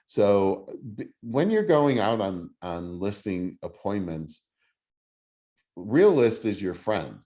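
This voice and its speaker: A middle-aged man leading a real estate class, talking slowly in a fairly low voice. He teaches casually and haltingly, full of ums and restarts. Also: sing-song, warm tone. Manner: halting, many fillers and restarts. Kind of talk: casual teaching over video call.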